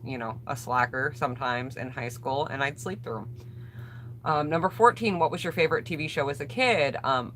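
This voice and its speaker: An American woman vlogger with a low, fairly bright voice reads tag questions aloud and answers them in casual chat, greeting viewers by name. She's getting over a cold, and there's a little hiss or hum in the audio.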